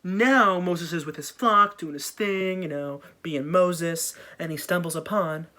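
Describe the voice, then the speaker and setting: A man's voice: a little high, measured pace, bright, forceful tone. A man casually retelling an old story in a jokey, slang-filled way with offhand asides.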